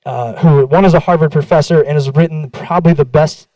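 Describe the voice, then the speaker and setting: A man's voice: fairly high pitch, steady tone, fairly quick, warm tone, dry recording, rough recording. Candid, profane young man on stage. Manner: candid, profane, self-deprecating, acts out quoted exchanges. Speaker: conference speaker. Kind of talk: casual storytelling talk. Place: conference stage.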